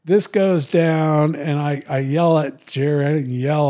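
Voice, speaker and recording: Animated storytelling man, slightly high voice. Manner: animated, acts out others' lines in raised voice; profane, drawn-out slang. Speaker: podcast guest. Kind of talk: storytelling in casual talk.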